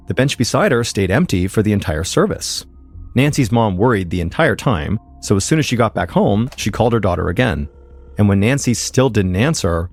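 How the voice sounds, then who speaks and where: A man hosting a podcast, telling a true-crime story in measured, suspenseful scripted narration. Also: fairly low pitch.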